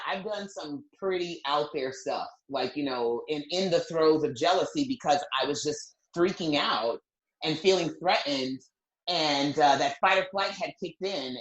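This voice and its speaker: A woman's voice: low voice, measured pace. A woman co-hosting a podcast as a relationship coach, talking frankly and reflectively with playful asides. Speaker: podcast co-host, non-monogamy coach. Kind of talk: candid podcast conversation. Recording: echoey room.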